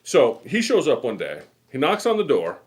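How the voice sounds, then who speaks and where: A man's voice: medium pitch, wildly swooping pitch, normal speed, darkish tone, breathy edge. A middle-aged man from New England hosting a casual show, telling rambling stories and chatting as he goes. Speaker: host. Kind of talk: casual chat.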